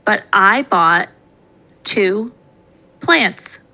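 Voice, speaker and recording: A woman's voice: mid-range voice, expressive, very slow, pushed and bright, rough recording. A young woman co-hosting a casual podcast, chatty and upbeat, laughing easily as she talks. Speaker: podcast co-host.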